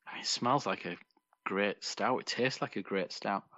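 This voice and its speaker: A low-voiced man with a bright, forceful tone co-hosts a casual podcast, chatting with playful asides. The sound is dull and lo-fi, with a dry, close feel. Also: normal speed, dry recording. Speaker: podcast co-host. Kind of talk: casual beer chat.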